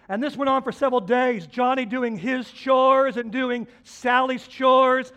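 A male preacher with a strikingly high voice delivers his sermon in an animated, folksy manner. He swings from loud, emphatic lines to quiet, hushed ones as he tells homespun stories. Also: a little slow, few pauses, dull audio. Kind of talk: sermon with storytelling.

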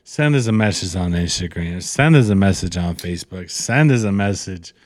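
A man's voice: low voice, lively intonation, normal speed, no room sound, studio quality. A man co-hosting a casual podcast, slurring a little as he rants in a profane, fired-up pep talk. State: slightly slurring, tipsy. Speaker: podcast co-host.

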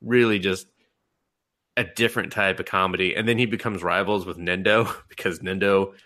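A man's voice: low voice, fairly even intonation, normal speed, bright, forceful tone. A man hosting a podcast, casually and animatedly recapping an anime, laughing and acting out the characters' lines. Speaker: podcast host.

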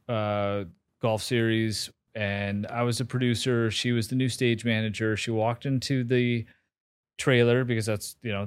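Guy in his 40s telling stories on a podcast, swears a lot, laughs at himself, mid pitch, dry close mic. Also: clean tone, no echo. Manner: candid, swears freely, laughs at himself, many fillers and restarts. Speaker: interview guest. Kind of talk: casual interview storytelling.

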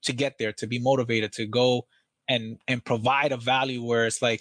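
A man's voice: mid-range voice, fairly even intonation, fairly quick, fairly bright tone, no echo. A man, guest on an interview, talking energetically and casually about training salespeople, acting out phone calls, with some swearing.

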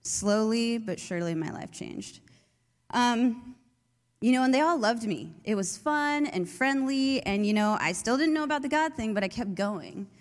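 A young woman youth leader shares her faith testimony in a chatty way, full of fillers. Her voice is fairly high and animated at a moderate pace, with long hall reverb around it.

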